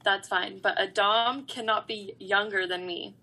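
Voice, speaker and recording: Woman, raspy bright voice, gravelly edges, casual co-host chat. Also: medium pitch, steady tone, a little slow. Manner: giggly, filler-heavy, easygoing. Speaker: podcast co-host.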